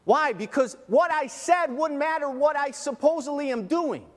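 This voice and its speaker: High-voiced pastor in a reverberant hall. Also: male voice, normal speed, few pauses. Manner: emphatic, shifts between loud and soft. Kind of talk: sermon. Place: church.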